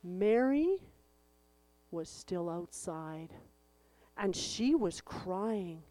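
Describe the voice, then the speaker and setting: A woman's voice: on the low side, drawn-out words, no echo. A woman telling a Bible story to children at church, acting out the voices and leading a song. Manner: expressive, acts out the voices, leads the group in song.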